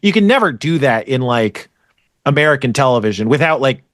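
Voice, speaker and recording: A man's voice: medium pitch, very animated, brisk, dry recording, studio quality. A man hosting a podcast, chatting casually about an anime, rambling with frequent restarts and casual swearing. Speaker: podcast host.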